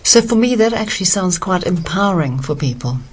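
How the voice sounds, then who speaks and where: A woman interviewer asking polite, brisk questions and closing the chapter. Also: lowish voice, lively intonation, husky.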